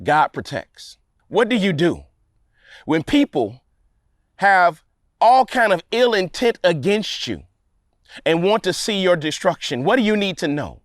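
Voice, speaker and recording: A man pastor preaching a sermon, building repeated refrains with dramatic pauses and swings from loud declarations to low, quiet lines. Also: big pitch swings, no room sound, clean studio sound. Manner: preaching with call-and-response repetition and dramatic pauses.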